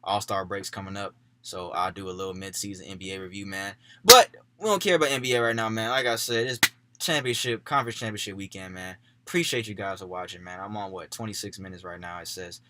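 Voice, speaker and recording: A young man casually talking through his football playoff picks for his channel. He keeps things laid-back, drops "man" into most sentences, and gets louder and more worked up when he backs a pick. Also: on the low side, no room sound. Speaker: sports YouTuber.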